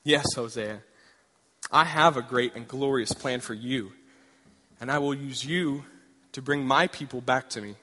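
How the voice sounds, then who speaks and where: A man preaching and voicing God as a calm, loving figure who speaks low and slowly in an echoing hall. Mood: patient. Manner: slow, low, gentle and measured.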